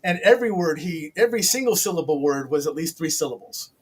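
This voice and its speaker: A man's voice: fairly high pitch, expressive, fast talker, slight background noise. A man hosting an interview show, rambling and teasing in a casual chat with his guest. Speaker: host.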